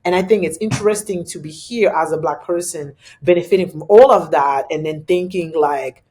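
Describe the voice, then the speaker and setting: A woman with a French accent from Belgium, talking as a guest in a casual interview, animated and laughing often. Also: moderate pace. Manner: animated, laughs often, pitch jumps when excited.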